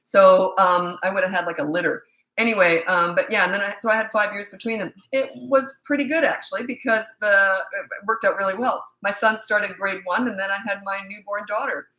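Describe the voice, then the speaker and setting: A woman's voice: mid-range voice, fairly even intonation, brisk, pushed and bright, rough recording. A middle-aged woman from Canada, a parenting coach, answering viewer questions in a casual, blunt, matter-of-fact livestream chat.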